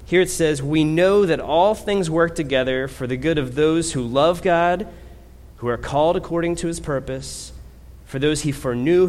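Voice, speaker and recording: A male preacher delivers a sermon in a conversational way, often tagging his points with "right?". He grows louder and slower when he drives a point home, and his voice carries a long hall echo. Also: mid-range voice, slight background noise.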